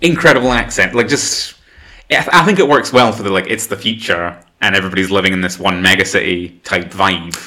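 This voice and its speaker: A man co-hosting a podcast, talking about a film in a rambling, animated way full of fillers. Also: sits low, brisk. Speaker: podcast co-host. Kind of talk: casual film chat.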